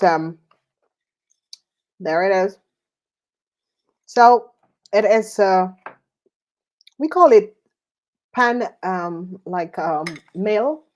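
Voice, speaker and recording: A woman's voice: mid-range voice, a little mellow. A woman tarot reader chatting casually while eating, rambling with many fillers.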